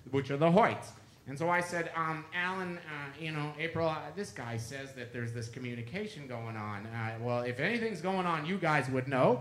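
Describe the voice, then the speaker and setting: An author with a somewhat high, bright voice gives a public lecture built on storytelling, chatty and anecdotal as he acts out the dialogue he quotes. He's in a lecture room with an audience, and the recording has a roomy echo.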